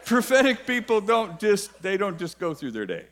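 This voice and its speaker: A man's voice: high-pitched, sing-song, normal speed, a bit bright, a little hiss or hum. A man preaching a sermon with humor and emphatic repetition.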